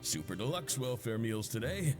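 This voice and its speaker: A deferential video game cafeteria cook, as a man plays him speaks in a mid-range voice with lively intonation. His manner is courteous, and game music plays behind him. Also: mid-range voice, moderate pace, natural voice. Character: polite male cafeteria cook serving a duke.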